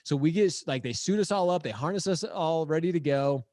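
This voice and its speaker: A man tells a story in a relaxed podcast chat, mixing in lots of "like" and "dude". His voice sits slightly high. The sound is dry and close, with no room echo. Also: brisk. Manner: animated, acts out quotes; says "like" and "dude" a lot. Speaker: podcast guest. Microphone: headphones on, live podcast.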